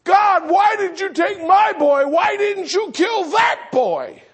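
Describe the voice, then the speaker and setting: A man's voice: extremely high pitch, sing-song, slow pace, shouting, voice pushed up, heavily acted. A screaming grief-stricken mother, as a male preacher acts her out. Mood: anguished screaming. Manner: shrieking, anguished wailing.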